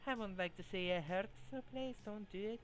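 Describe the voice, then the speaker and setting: A streamer voicing a young female cyber idol in a put-on, deliberately bad Scottish accent while reading game dialogue aloud. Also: slight background noise, close to an everyday voice, poor audio. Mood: bubbly. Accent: put-on Scottish, done badly. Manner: high, sing-song idol chatter.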